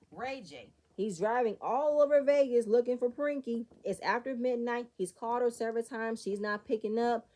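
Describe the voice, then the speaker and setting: Woman reviewer, opinionated and sassy, mellow warm voice. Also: mid-range voice. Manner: sassy, opinionated, talks straight to viewers. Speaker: reality TV recap reviewer. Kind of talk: casual commentary.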